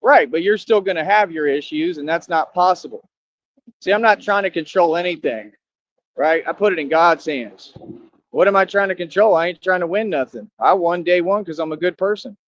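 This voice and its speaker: A young man boasts and taunts his critics in a slang-heavy monologue to the camera. His voice sits a little high. The sound is dull and lo-fi. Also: moderate pace, no room sound. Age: young adult. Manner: boastful and confrontational, full of slang. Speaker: vlogger.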